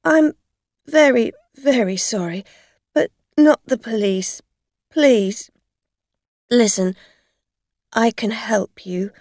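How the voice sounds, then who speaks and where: A woman's voice: on the high side, takes it slowly, pauses often, a little mellow, no echo, studio quality, pitched above the performer's own voice. A woman voicing a frightened, tipsy woman driver who stammers and pleads. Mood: pleading.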